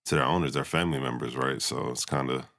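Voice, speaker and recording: A man co-hosting a sports podcast, talking in a relaxed, rambling way. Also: extremely low pitch, fast, gravelly. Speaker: co-host. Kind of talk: casual sports podcast chat.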